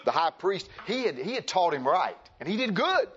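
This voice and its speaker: A man's voice: high-pitched, very animated, normal speed, a bit bright, a little hiss or hum. A man preaching a sermon to a congregation, reading scripture aloud and repeating phrases for emphasis in a conversational way. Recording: slightly muffled recording.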